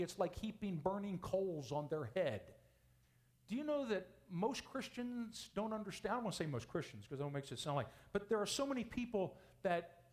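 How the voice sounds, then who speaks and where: A male pastor preaching a sermon, asking the congregation rhetorical questions and swinging widely in pitch and loudness.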